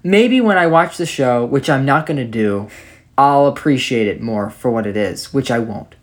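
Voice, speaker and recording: A man's voice: mid-range voice, expressive, moderate pace. A young man co-hosting a podcast in casual chat, opinionated and rambling with lots of fillers. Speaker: podcast co-host.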